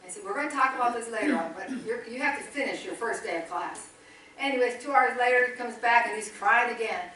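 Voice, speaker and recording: Middle-aged lady preaching, fairly high voice, lots of room echo, faint hiss underneath. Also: fast. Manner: animated, chatty storytelling with quoted dialogue. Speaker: missionary guest speaker. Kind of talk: storytelling testimony in a church service. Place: church sanctuary. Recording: echoey church hall, voice from a distance.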